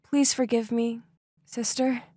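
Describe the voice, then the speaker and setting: A woman voicing a young stepsister who once played pranks, speaking more softly than in her narration. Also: a little high, fairly quick, dry recording, clean studio sound, lightly acted. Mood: apologetic.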